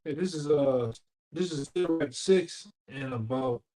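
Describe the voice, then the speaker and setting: A man's voice: fairly high pitch, unhurried, mellow. A man in a Bible study reading scripture aloud, stumbling over the archaic words.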